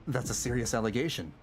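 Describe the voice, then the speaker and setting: A man's voice: mid-range voice, slight background noise. Chatty man musing over a game stream. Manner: musing, chatty, chuckles at himself. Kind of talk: casual livestream commentary. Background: game music.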